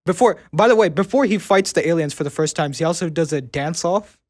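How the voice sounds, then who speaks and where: A man's voice: on the high side, fairly quick, darkish tone, dry recording. A young man in casual chat who stammers and repeats his words often. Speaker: student show panelist.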